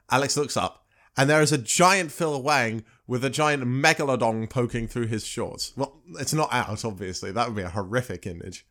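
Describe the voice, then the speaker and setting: A man co-hosting a casual podcast, recapping a TV episode in a halting, hesitant way with many pauses and self-corrections. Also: mid-range voice, fairly bright tone. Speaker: podcast co-host.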